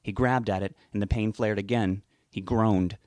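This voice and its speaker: A man narrates a novel in a steady, measured way. His voice sits fairly low and is recorded dry and close, with no room sound. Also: no room sound. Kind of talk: audiobook narration.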